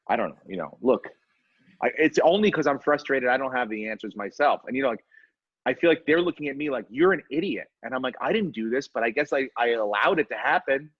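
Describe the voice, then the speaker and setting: A man's voice: mid-range voice, lively intonation, quick pace, slightly rough, no echo, highs cut off. A man in his forties hosting a podcast in casual chat, rambling and profane with self-deprecating asides. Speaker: podcast host.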